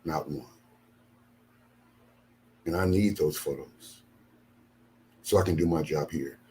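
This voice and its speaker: An older ministry leader vents angrily from his home studio, tired after a sleepless night, repeating himself in an aggrieved, emphatic monologue. His bass voice is slow and mellow, with slight background noise.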